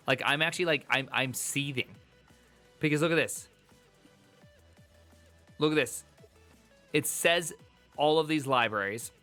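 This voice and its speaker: A man chatting casually on a live stream as he reads tech articles, rambling and joking with his chat. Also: mid-range voice. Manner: animated, jokey, rambling asides to chat.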